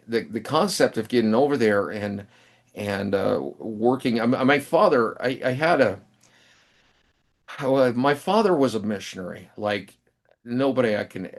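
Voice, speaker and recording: A middle-aged man, an author and professor, telling stories in an interview with many restarts and pauses. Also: lowish voice. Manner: rambling, halting anecdotes with many restarts. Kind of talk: storytelling in a casual interview.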